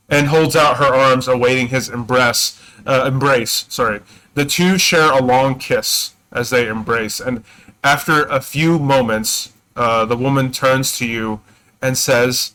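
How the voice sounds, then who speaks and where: Bright-voiced man running a tabletop game. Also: mid-range voice, fairly even intonation, slow pace, low-quality recording. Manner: hesitant, many fillers and self-corrections. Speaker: game master.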